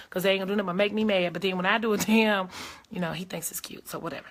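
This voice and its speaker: A woman's voice: mid-range voice, fairly even intonation, very fast, fairly bright tone. A woman hosting a live advice video, talking emphatically and straight to her viewers in a casual, preachy way. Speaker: host of a live advice video, lawyer and judge.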